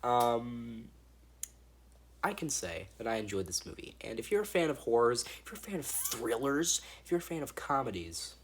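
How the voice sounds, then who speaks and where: A man's voice: mid-range voice, very animated, moderate pace, a little hiss or hum. A man giving a casual, rambling movie review, swearing freely and restarting his sentences. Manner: rambling and profane, with frequent restarts.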